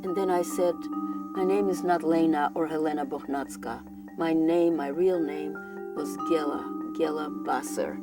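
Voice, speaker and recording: A woman in her eighties, born in Europe, giving personal testimony in an earnest, halting way, often repeating and restarting words. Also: sits low. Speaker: Holocaust survivor giving testimony. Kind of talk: personal testimony, recalled aloud. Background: soft instrumental music.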